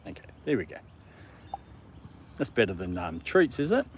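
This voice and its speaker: A man's voice: fairly low pitch, very animated, normal speed, a little hiss or hum. A man chatting casually on a live stream, talking to his dog and viewers and laughing often. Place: park outdoors in the evening.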